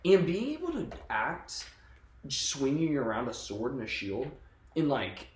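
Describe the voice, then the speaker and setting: Easygoing guy guest, hesitant, lively voice, echoey room, faint noise. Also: medium pitch, a little slow. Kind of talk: casual movie review chat.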